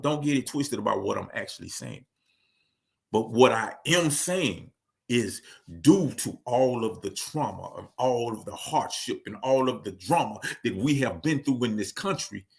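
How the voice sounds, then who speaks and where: Man, gravelly voice, emphatic commentary monologue, repeats phrases for stress. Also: mid-range voice, fairly bright tone. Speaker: speaker.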